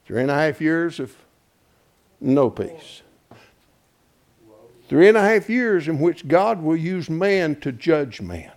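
Male preacher, high voice, homespun Bible teaching, quizzes the congregation, hushed asides and loud emphatic peaks. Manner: asks the congregation questions and draws answers; homespun and colloquial, with frequent "folks" and "ain't". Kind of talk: folksy Bible teaching sermon.

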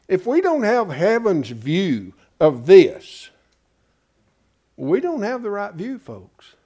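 A man with a high-pitched, slightly mellow voice preaches a Bible-study sermon. He's emphatic and folksy, calling his listeners "folks" and often asking the congregation rhetorical questions.

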